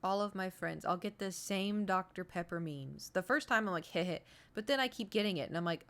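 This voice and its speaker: A woman's voice: lowish voice, lively intonation, a little fast, hardly any pauses, a bit bright. Chatty rambling woman streamer. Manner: chatty, rambling, talks straight to chat. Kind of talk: casual live-stream chat.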